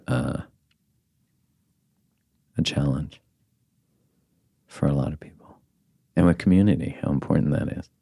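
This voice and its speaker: A man's voice: rumbling low, creaky, a little mellow, no room sound, clean studio sound. A man hosting a podcast, talking candidly and reflectively in casual conversation, swearing now and then. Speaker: podcast host.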